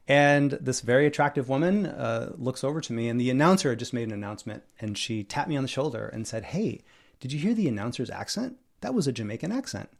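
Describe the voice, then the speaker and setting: Gravelly-voiced man, enthusiastic dating coach. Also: mid-range voice. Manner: enthusiastic, storytelling, emphatic repetition. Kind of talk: casual podcast interview.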